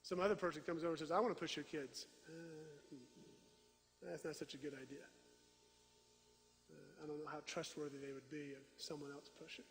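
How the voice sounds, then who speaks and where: High-voiced pastor preaching in a reverberant church. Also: male voice, normal speed, vocal fry, long pauses, slight background noise. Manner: animated storytelling, acts out voices, swings from loud to hushed. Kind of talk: sermon. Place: church sanctuary.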